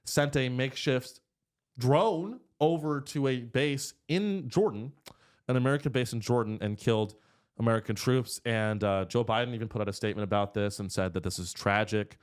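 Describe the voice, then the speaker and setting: A man hosting a studio podcast, telling provocative jokes in a deadpan, casual way. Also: mid-range voice, moderate pace, clear, resonant tone. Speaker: comedian podcast host. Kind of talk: casual comedic chat.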